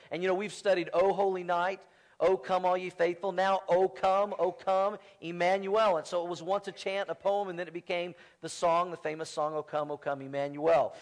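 A man preaching a sermon in a church, telling stories in a relaxed, conversational way with playful humor. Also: sits high. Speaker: pastor. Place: church sanctuary.

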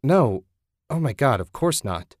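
A man's voice: fairly low pitch, expressive, moderate pace, no echo, studio quality. A man voicing a tense, wary man. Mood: urgent.

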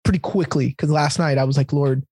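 Husky earnest man, higher voice. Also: fast talker, darkish tone, no echo. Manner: earnest, confessional, calls listener "bro". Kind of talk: casual heartfelt conversation.

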